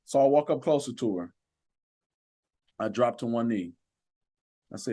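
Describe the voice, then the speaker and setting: A man's voice: mid-range voice, expressive, normal speed, dark tone. A man with a mid-range voice tells a personal story on a podcast. He speaks with earnest conviction and builds into a preacher-like rhythm of emphatic phrases. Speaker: guest, sheriff's deputy.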